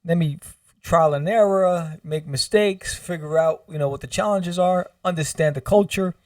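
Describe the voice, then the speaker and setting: A man guesting on a podcast, telling a story in a lively, humorous way and acting out what people said. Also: on the high side, normal speed, no echo, studio quality, recorded from a distance. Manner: animated, humorous, acts out quotes. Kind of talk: casual storytelling.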